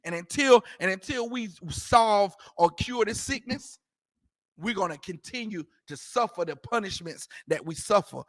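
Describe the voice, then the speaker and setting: A man's voice: sits high, animated, measured pace, fairly bright tone, dry recording, studio quality. A man teaching a scripture class in an emphatic, repetitive way, using street slang and firing rhetorical questions. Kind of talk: preaching scripture commentary.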